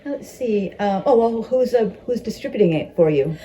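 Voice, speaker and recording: A woman's voice: mid-range voice, animated, normal speed, warm tone, slight background noise. A woman asking interview questions in a hesitant way, with lots of fillers.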